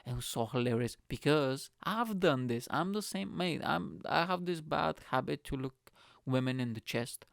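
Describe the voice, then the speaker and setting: A male comedian hosting his solo podcast, telling stories in a hyper, swearing, fast-running rant on a close mic. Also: mid-range voice, animated, gravelly, no room sound.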